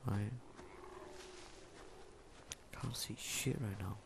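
A man giving let's-play commentary, swearing constantly and yelling at enemies in the game. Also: on the low side, fairly even intonation, drawn-out words, gravelly, background noise. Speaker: gameplay commentator.

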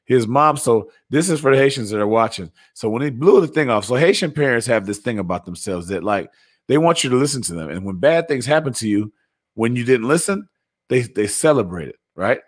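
A man in casual sports chat, telling stories in an animated, joking way. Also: medium pitch, a little fast. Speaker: sports talk co-host.

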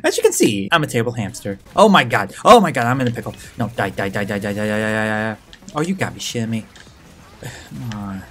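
Excitable man yelling over gameplay. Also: on the low side. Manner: excitable, yelps and laughs, swears, repeats words rapidly. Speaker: gaming channel host. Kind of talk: live gameplay commentary.

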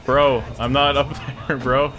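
A man commenting on a video game he is playing, excitable, joking and yelling at the game. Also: medium pitch, slow, faint music behind. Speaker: gamer. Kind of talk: let's play commentary. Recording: game ambience and noise behind.

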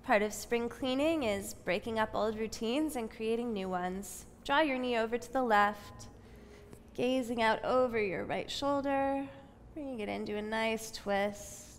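A woman guiding a yoga session in a slow, soothing voice with gentle, steady instructions. Her words trail off into a long reverb from a spacious room, with faint ambience underneath. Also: on the high side, slight background noise. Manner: calm, soothing, unhurried cues. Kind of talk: guided yoga class instruction.

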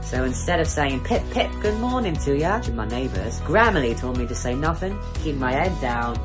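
A young man putting on a fumbling British pop star in a spoof ad, with put-on British accent and hushed asides. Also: fairly high pitch. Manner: drops into asides, mock-hushed.

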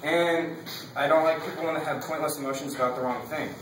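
A man's voice: a little high, steady tone, fast, very echoey, recorded from a distance, noisy background. A young man giving a casual class speech. He rambles, fills his talk with "like" and laughs between his points.

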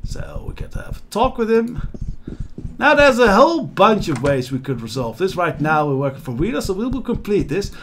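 A man gives chatty video game commentary. His voice runs high and moves a lot. He makes self-deprecating asides. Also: big pitch swings, normal speed, fairly bright tone, a little hiss or hum. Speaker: let's play host. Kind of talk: casual gameplay commentary.

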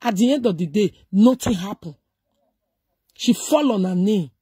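A woman's voice: mid-range voice, expressive, moderate pace, mellow, husky, no echo, studio quality. A middle-aged woman with a Nigerian accent giving emphatic, preachy commentary, mixing Pidgin and English. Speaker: social media commentator. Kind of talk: casual commentary.

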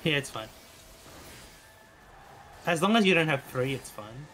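A man's voice: on the high side, animated, unhurried, a bit bright, slight background noise, poor audio. A man on voice chat in a game raid, chatting and thinking aloud about tactics. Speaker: raid player. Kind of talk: casual gaming voice chat.

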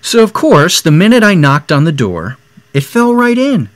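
A man's voice: high voice, very animated, normal speed, a bit bright, no room sound, pitched above the performer's own voice. A man voicing a sly male wolf from a storybook who tells his side in an innocent, self-justifying way, stammering as he restarts. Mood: earnest.

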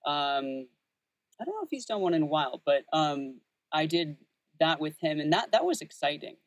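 Soft-spoken man, very dry sound. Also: fairly high pitch, big pitch swings, moderate pace, no echo. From Texas, USA. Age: 30s. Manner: thoughtful, many fillers and restarts. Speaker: voice actor and audiobook narrator. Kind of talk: casual interview chat.

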